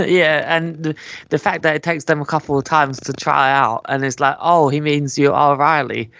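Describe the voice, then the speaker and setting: Scottish guest, male, slightly high voice, dry sound, easygoing chat. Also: fairly even intonation, moderate pace, gravelly, fairly bright tone, no echo, muffled recording. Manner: laughs easily, short agreeing replies. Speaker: podcast guest. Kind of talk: casual chat.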